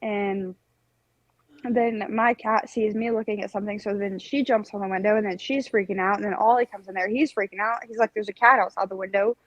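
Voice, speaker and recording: A woman's voice: mid-range voice, fairly quick, dry recording, muffled recording. A young woman co-hosting a podcast, rambling through a story in casual chat. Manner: rambling, animated storytelling with laughs. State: recovering from strep throat. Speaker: podcast co-host.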